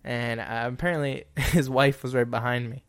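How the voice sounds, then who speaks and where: A young man co-hosting a podcast, telling a story in a fast, excitable, breathless way. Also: mid-range voice. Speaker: podcast co-host. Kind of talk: casual chat. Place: indoor room.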